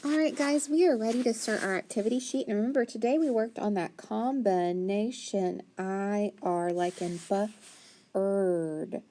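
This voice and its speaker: A woman's voice: a little high, normal speed, hardly any pauses, dark tone, slight background noise. A woman teacher giving a phonics lesson to young pupils, asking questions, praising their answers and spelling words out letter by letter. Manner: patient, praising, asks questions and answers them; spells letters out one at a time.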